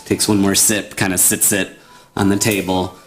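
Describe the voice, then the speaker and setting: A man narrating a tabletop game as game master, in a relaxed, casual way. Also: low voice, moderate pace, a little hiss or hum.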